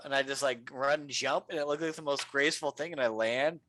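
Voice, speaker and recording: A man's voice: medium pitch, brisk, sharp tone, no room sound. A young man plays through a tabletop game, talking in a loose, chatty way with plenty of "like" and restarts. His mid-range voice sounds dry and close, with no room around it. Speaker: player. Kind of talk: casual tabletop game play.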